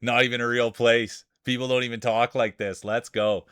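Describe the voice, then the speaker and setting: A man with a strong rural Saskatchewan Canadian accent calling a marble race live on stream, hyping racers with playful announcer shout-outs. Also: medium pitch, flat delivery, normal speed, clean tone, no echo, clean studio sound.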